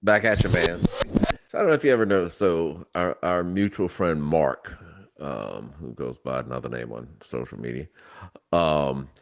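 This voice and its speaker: A man co-hosting a casual podcast, telling anecdotes in an animated way. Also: a bass voice, normal speed, vocal fry. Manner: storytelling, animated retelling of anecdotes. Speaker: co-host.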